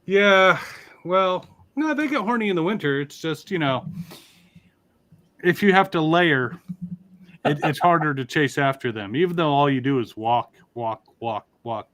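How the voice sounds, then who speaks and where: A man's voice: on the high side, expressive, a little slow, fairly bright tone. A man from Connecticut, a toy reviewer in a casual livestream chat, rambling and joking in a plain broadcaster-style manner over a video call.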